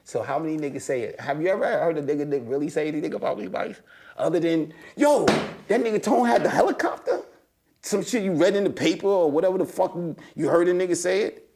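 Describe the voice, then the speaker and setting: Animated, profane man telling street stories. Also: fast. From United States. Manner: animated storytelling, slangy and profane, voice rising high when excited. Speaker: interview guest. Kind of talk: casual conversation.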